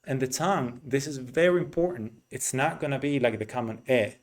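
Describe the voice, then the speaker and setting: A man teaching English pronunciation in an unhurried way. His voice sits at an ordinary middle pitch, and he breaks up his explanations by saying the vowel sounds aloud again and again. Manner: explains slowly, demonstrates vowel sounds by repeating them.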